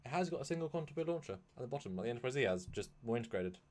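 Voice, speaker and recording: A man's voice: medium pitch, rapid-fire. A man chatting casually as a guest on a live stream about his fan films, rambling with frequent laughs and restarts. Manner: rambling, animated, laughs often.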